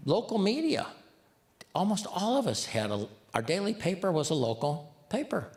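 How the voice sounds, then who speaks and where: A man giving a live community talk in an animated voice that swings widely in pitch. He jokes with the crowd and keeps putting questions to them. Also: moderate pace. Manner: lively, joking, asks the audience questions. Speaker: community speaker.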